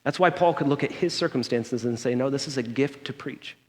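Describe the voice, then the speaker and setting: A man's voice: mid-range voice, a little fast, darkish tone. A man giving a sermon in a church, telling a personal story in a conversational way and checking in with the congregation by asking "okay?". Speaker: pastor. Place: church sanctuary. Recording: long hall reverb.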